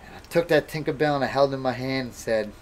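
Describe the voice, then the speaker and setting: A man's voice: mid-range voice, fast, a little hiss or hum. A man in his thirties, hosting a live stream from home, telling rambling, self-mocking stories in casual chat. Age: 30s. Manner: rambling, self-mocking, bursts into loud laughter. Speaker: livestream host and boxer.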